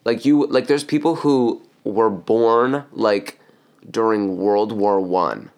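A man's voice: lowish voice, fairly even intonation, slow pace, a little mellow. A young man co-hosting a podcast, chatting casually with lots of fillers and blunt opinions. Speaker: podcast co-host. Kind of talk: casual chat.

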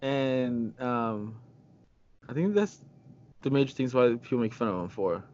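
A man's voice: mid-range voice, unhurried, a little mellow. Hesitant giggly male podcast co-host. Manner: hesitant, lots of ums, giggly. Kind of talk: casual chat. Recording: muffled lo-fi audio with faint background noise.

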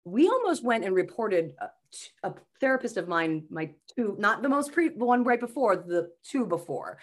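A woman comedian and mental health speaker, a guest on a podcast, talking in a high-energy, animated storytelling way. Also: moderate pace. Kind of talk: casual podcast conversation.

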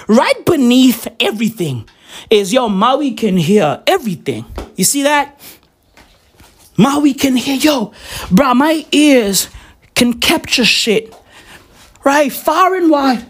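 A man rambles through a casual, profane rant in a strikingly high voice that swoops all over the place. He talks at an unhurried pace, then flares up into excited shouts. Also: breathy edge.

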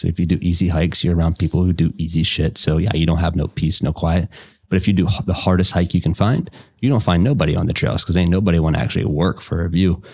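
Deep gravelly Appalachian man telling stories. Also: dark tone. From West Virginia. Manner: folksy storyteller, double negatives, swears freely. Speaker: life coach and podcast guest. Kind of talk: casual conversation.

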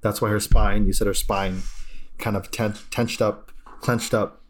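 Man, low voice, easygoing co-host, casual book chat, lots of fillers. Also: flat delivery, slight background noise. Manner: easygoing, quick to agree, lots of "like". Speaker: podcast co-host.

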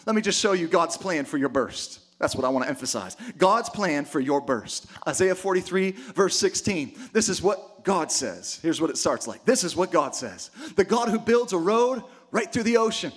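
High voiced guy preaching hard, goes quiet then shouts, pastor energy. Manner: energetic preaching, swings between hushed asides and shouted exclamations. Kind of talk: sermon.

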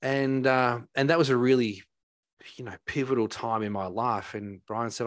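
A man's voice: mid-range voice, steady tone, normal speed, no echo, clean studio sound. A man, a guest telling heartfelt stories in a rambling way, with many fillers and restarts. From Australia. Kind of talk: casual storytelling.

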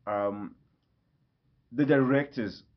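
A man's voice: medium pitch, very slow. A man giving an enthusiastic, rambling casual vlog review, often correcting himself. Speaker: movie reviewer. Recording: slightly dull lo-fi audio.

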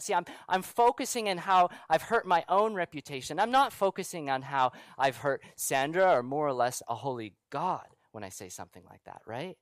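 A pastor preaching a sermon in a conversational way, with rhetorical questions and asides, sometimes dropping to a soft, quiet voice for emphasis. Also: male voice, fairly high pitch, expressive, a little fast, few pauses, no room sound.

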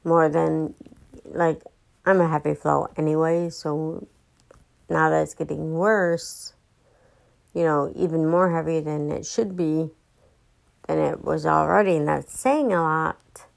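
A woman's voice: sits low, fairly even intonation, slow, creaky, long pauses, low-quality recording. An exhausted young woman rambling through a casual podcast monologue, full of fillers and restarts. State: exhausted and fatigued. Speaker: podcast host.

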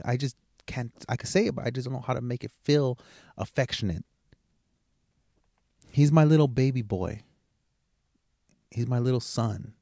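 A man's voice: mid-range voice, normal speed, long pauses, mellow, dry recording, clean studio sound. A middle-aged man hosting a podcast alone, talking in a rambling, blunt, profane motivational way. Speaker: podcast host. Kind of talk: casual motivational monologue.

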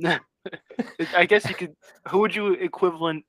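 A man's voice: high voice, fairly even intonation, unhurried, fairly bright tone. A man hosting an interview podcast, asking easygoing questions and laughing along with his guest. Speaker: podcast host. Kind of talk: casual interview chat.

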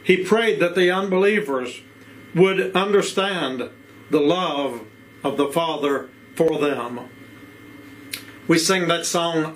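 A man's voice: a little high, slow pace, fairly bright tone, low-quality recording. Appalachian preacher man, rhythmic sermon. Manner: rhythmic preaching with repeated phrases and rhetorical questions.

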